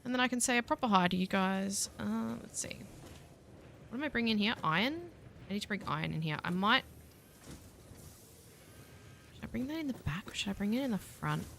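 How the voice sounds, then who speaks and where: A young Australian woman streaming a factory-building game, thinking aloud and chatting with viewers, quick to laugh at herself. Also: mid-range voice, lively intonation, vocal fry, a bit bright, a little hiss or hum. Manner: self-deprecating, laughs easily. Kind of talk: casual let's-play commentary. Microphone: desk mic, voice only without face cam.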